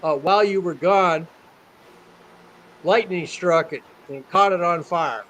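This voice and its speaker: A man's voice: sits high, a little slow, fairly bright tone, poor audio. A man voicing a nervous middle-aged male neighbor who breaks bad news bit by bit.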